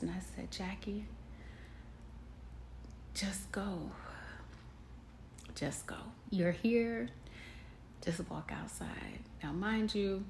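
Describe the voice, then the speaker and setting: This podcast host is a young woman whose voice sits fairly low and has a darkish tone. Telling a personal story candidly and emotionally, she laughs a lot and addresses listeners as y'all, in an echoey room with a little background noise.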